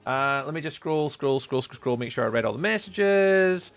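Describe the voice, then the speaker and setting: A young man chatting casually with viewers while live streaming, playful and often trailing off into a softer voice. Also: a little high, animated, moderate pace, faint music behind.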